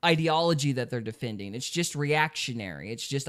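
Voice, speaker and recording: A man's voice: medium pitch, expressive, fairly quick, fairly bright tone. A man hosting a podcast in casual chat, opinionated and mocking others in quoted voices. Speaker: podcast host.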